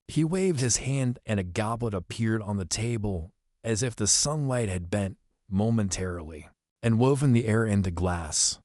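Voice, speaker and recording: Deep-ish guy narrating an audiobook, steady and even, dry close mic. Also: moderate pace, no room sound. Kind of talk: audiobook reading.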